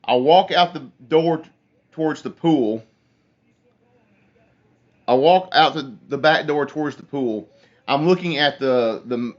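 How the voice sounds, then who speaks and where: Man rambling on a phone stream. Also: medium pitch. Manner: rambling storyteller, reads chat aloud. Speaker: livestream host. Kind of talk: casual live chat with viewers. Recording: dull lo-fi phone stream audio.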